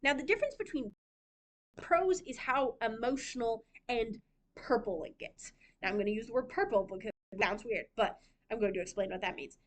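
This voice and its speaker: Chatty, giggly young woman with a high voice. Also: moderate pace. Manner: chatty, giggly, lots of fillers. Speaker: library writing workshop presenter. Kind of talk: casual talk on writing. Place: library room.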